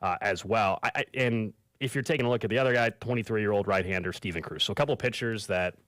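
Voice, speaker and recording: A man's voice: fairly low pitch, fast talker, a bit bright, no room sound. A man co-hosting a sports radio show, steadily leading the segments. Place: radio studio.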